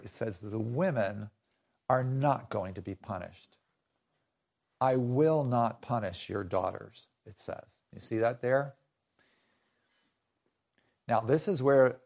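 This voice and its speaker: A man's voice: mid-range voice, vocal fry, darkish tone. A man preaching a conversational sermon, often restarting and repeating his phrases.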